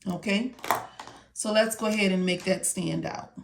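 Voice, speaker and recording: A woman's voice: mid-range voice, moderate pace, gravelly, noisy background. A woman instructor walking students through medical coding notes step by step, often checking in with "okay?". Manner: repeats "okay?" and "all right?" to check in. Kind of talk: casual step-by-step tutorial.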